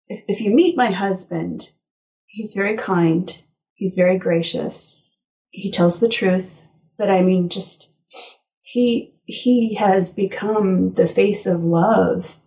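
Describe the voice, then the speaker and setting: A woman telling personal stories as an interview guest, animated and quick to laugh. Her voice sits at an ordinary middle pitch. The audio is slightly muffled and lo-fi. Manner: animated storyteller, laughs often. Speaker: guest author. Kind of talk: casual interview chat.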